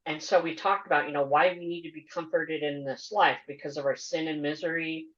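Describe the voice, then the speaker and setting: A woman hosting a podcast interview, earnest and measured as she asks questions and comments. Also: deep voice, steady tone, a bit bright. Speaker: podcast host. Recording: dull lo-fi audio.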